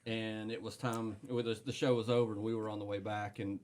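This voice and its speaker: A man's voice: on the low side, level tone, brisk, a little mellow. A man, a band manager, joining a casual podcast chat and telling a rambling, informal story.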